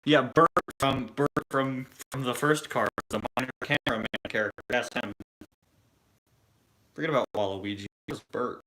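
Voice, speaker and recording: A man streaming toy reviews answers questions live in a loose, rambling way, faltering and restarting frequently. His medium-pitched voice is bright and pushed, and he moves at a moderate pace.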